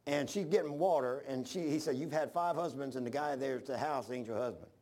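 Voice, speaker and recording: A man preaching a sermon, telling stories with animated bursts of shouting. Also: mid-range voice, fairly quick.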